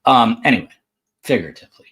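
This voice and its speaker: A man's voice: medium pitch, expressive, fast, fairly bright tone. A man hosting a true crime podcast, talking casually from a hotel room with frequent fillers and side remarks. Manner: conversational, with frequent fillers and asides. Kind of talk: casual live commentary.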